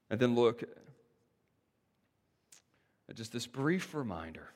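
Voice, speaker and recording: A man preaching a sermon as pastor, moving from hushed to loud and urgent. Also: medium pitch, sing-song, slow, long pauses. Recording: long hall reverb.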